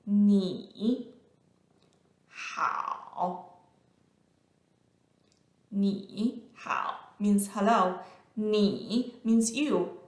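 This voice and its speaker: Slow-speaking woman teaching Mandarin. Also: medium pitch, roomy sound. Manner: slow, careful, drawn-out demonstration of sounds. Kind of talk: online language lesson.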